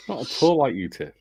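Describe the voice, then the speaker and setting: A man's voice: mid-range voice, creaky, darkish tone, slightly rough, dry recording. A man co-hosting a casual livestream, bantering and teasing in a jokey way. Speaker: livestream co-host.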